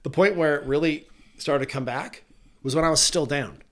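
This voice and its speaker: A man's voice: on the high side, moderate pace. A man speaking as a podcast guest, talking in an earnest, reflective way and laughing often. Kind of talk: casual motivational podcast talk.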